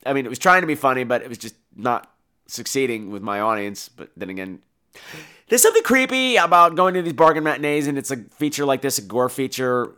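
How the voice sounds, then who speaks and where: Animated, sarcastic male horror podcast host. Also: mid-range voice, brisk, clear, resonant tone. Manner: animated, sarcastic, crude humor. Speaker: podcast host and film reviewer. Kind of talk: casual horror review podcast.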